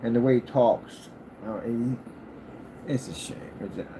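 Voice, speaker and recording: A man hosting his own channel, talking in a casual rambling monologue and jumping up high when he quotes people. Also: measured pace, slight background noise. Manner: animated storyteller, jumps high for quoted lines; scolding, talks straight to a critic. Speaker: channel host.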